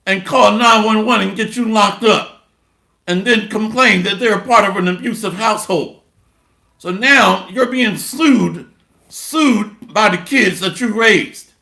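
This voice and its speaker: A high-pitched man preaches slowly with a gravelly edge. His tone is bright and sharp, blunt and mocking as he reads scripture and drives his points home, in a roomy, echoing space. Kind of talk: sermon with scripture reading.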